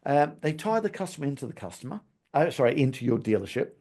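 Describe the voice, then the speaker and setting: A man's voice: medium pitch, big pitch swings, quick pace, a little mellow. A man hosting a podcast, talking through a recap in a chatty coaching manner and tagging "okay?" onto his points. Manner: laughs at his own stumbles. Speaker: podcast host.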